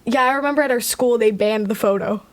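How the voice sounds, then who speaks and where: Young female podcast co-host, slightly high voice, playful quick comebacks. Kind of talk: casual family chat.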